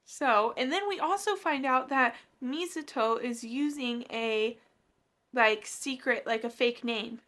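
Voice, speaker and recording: A woman's voice: on the high side, slow pace, fairly bright tone. A woman book vlogger casually recapping a manga she is reading, with gushing, emotional reactions.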